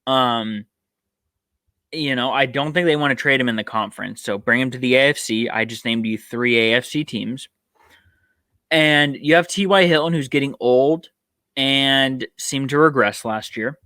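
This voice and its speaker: A man's voice: medium pitch, normal speed, pushed and bright, no room sound, clean studio sound. A man hosting a solo sports podcast, a bit tired, rambling and thinking aloud with frequent ums. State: tired, yawning. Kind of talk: casual solo sports talk.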